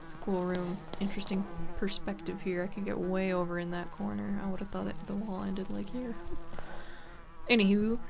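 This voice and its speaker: A woman's voice: mid-range voice, level tone, moderate pace, gravelly, noisy background. A woman streaming a horror game, chatting and swearing casually as she plays and talks to the characters. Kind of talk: casual let's-play commentary.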